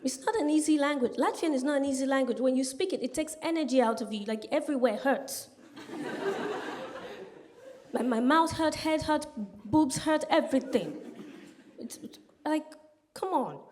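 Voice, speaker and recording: A woman performs stand-up on a comedy club stage, her voice sitting a little high. She talks in a punchy, chatty way and keeps turning to the audience with quick asides. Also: expressive, a little mellow, slight background noise. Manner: punchy, chatty delivery with frequent asides to the crowd.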